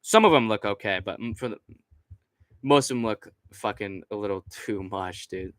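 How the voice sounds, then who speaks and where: Seated at a computer with a desk microphone directly in front, a young streamer hosts a casual late-night session, rambling, cursing and using many fillers. His voice is fairly low, his pace moderate, and the recording is dry.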